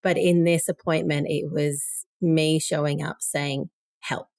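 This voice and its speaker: A woman's voice: sits low, little pitch movement, measured pace, creaky, darkish tone, no room sound, studio quality. A woman in her forties, a podcast guest, telling a personal story candidly and with emotion. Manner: emotional, candid, quoting others.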